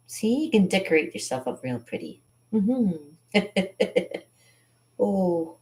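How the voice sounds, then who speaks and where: A woman's voice: mid-range voice, sing-song, takes it slowly, darkish tone. A woman vlogging casually while doing her makeup, rambling and laughing often in a playful way. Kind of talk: casual makeup vlog chat.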